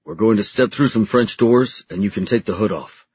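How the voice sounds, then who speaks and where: A man voicing a gruff, terse male security agent in an audiobook who gives short orders. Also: on the low side, normal speed, darkish tone, no room sound, highs cut off. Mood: curt.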